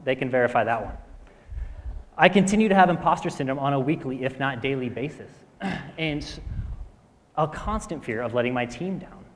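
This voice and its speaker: A man in his thirties giving a motivational talk on stage, talking quickly and often clearing his throat. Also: medium pitch, lively intonation. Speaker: speaker at a live talk event. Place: stage in a hall with an audience. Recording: reverberant hall.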